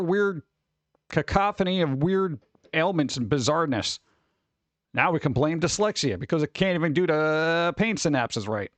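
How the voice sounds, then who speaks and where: Guy streaming, reads news bits and jokes around, kinda higher voice, dry mic. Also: no echo. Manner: rambling, reads news aloud with offhand jokes. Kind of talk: casual live-stream chat.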